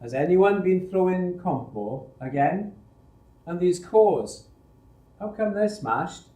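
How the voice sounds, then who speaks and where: A man's voice: sits high, animated, slow pace, dark tone, pitched above the performer's own voice. A man reading aloud, voicing a stern, sarcastic male foundry foreman who demands answers, recorded with roomy echo. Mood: stern demanding.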